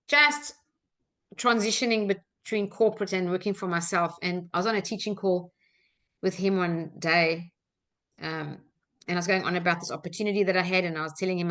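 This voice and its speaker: A woman's voice: fairly low pitch, a bit bright. A middle-aged woman with an Australian accent, hosting a personal development webinar and telling stories in an earnest way with frequent fillers. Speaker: coach and webinar host.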